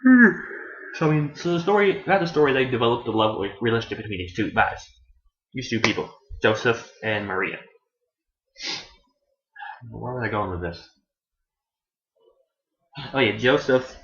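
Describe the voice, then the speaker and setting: Animated man rambling in an echoey room. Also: normal speed, long pauses. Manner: meandering, self-correcting, profane; acts out characters in shrill voices. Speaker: anime reviewer. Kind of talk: casual rambling review. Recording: echoey room, dull lo-fi sound.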